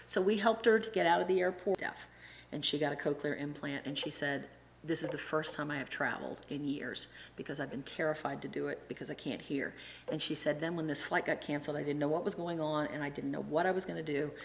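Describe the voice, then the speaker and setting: A middle-aged woman giving a casual, animated church talk, acting out the voices of people she quotes and often restarting her sentences. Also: deep voice, fast, creaky, a little hiss or hum. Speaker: church presenter and Sunday school teacher.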